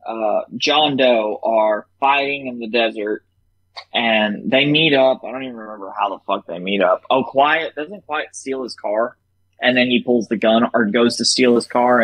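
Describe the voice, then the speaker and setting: A young man with a mid-range voice co-hosts a casual podcast, recapping a TV episode with lots of swearing. He's animated, laughing as he acts out lines from scenes, and the audio has its highs cut off.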